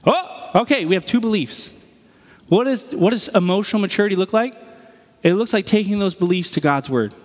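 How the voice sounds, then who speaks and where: High-voiced male pastor in a reverberant hall. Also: normal speed. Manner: expressive, acts out everyday scenes in different voices. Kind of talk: sermon.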